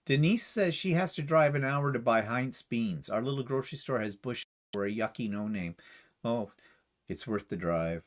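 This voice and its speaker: Chatty storytelling man, lively pitch. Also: normal speed. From Canada. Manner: chatty storyteller, laughs easily. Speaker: co-host. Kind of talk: casual livestream chat.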